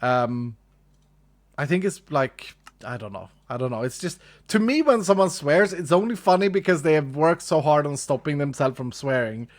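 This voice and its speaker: A man's voice: a little high, animated, normal speed. A man with a Swedish accent chatting casually to his live-stream audience, laughing often and repeating his phrases. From Sweden. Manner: chuckly, repeats phrases, talks to chat. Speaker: livestreamer.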